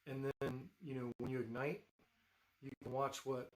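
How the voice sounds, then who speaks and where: A man with a medium-pitched, flat voice talks at a moderate pace on a low-quality recording. He's hosting a live stream, rambling casually with lots of fillers and restarts while he shows off his builds.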